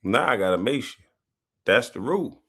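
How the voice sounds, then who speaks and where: Guy hosting a livestream, loose joking banter, pitch all over the place. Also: normal speed, gravelly, husky. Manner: loose, animated, profane banter. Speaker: livestream host. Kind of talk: casual livestream chat.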